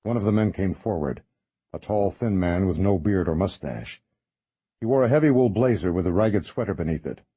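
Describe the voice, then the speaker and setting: A man reading a horror novel as narrator in a measured, even way. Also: sits low, breathy edge, no room sound. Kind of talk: scripted audiobook narration.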